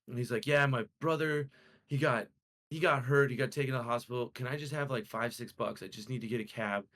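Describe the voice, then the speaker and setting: A young man co-hosting a casual podcast, telling a story in an animated way and acting out the quotes with swearing. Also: mid-range voice, fast. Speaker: podcast co-host.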